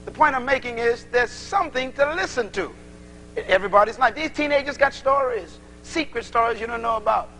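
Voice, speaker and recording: Male preacher, animated sermon, acts out dialogues, high bright voice, faint hum. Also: a little fast, rough recording. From Bahamas.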